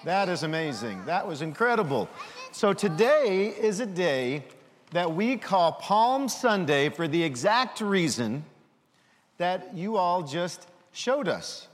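A man giving a children's sermon, lively and full of questions for the kids. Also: high-pitched, slow pace, big-room sound. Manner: animated, asks children questions.

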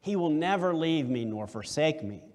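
A man preaching voices a steadfast old Christian martyr who calmly and resolutely defies a king, in a long hall reverb. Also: a little high, normal speed, lightly acted. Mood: serene defiance. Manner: calm, resolute defiance.

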